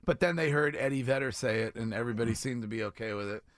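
A man hosts a radio show from a studio, bantering playfully and laughing often. His voice sits at a middling pitch on a close studio mic, and the sound is dry. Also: fast talker, dry recording. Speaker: radio host. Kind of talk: casual morning radio chat.

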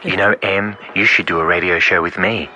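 A man's voice: low-pitched, fairly quick, slight background noise. A man doing a crude mock female caller. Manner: mocking, insulting roast delivered deadpan. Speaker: comedy prank caller.

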